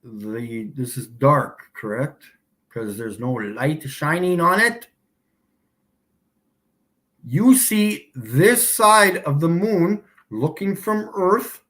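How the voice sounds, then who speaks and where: A man hosting a casual livestream, mocking his viewers and laughing often as he repeats his points slowly for emphasis. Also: fairly high pitch, animated, a bit bright. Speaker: livestream host.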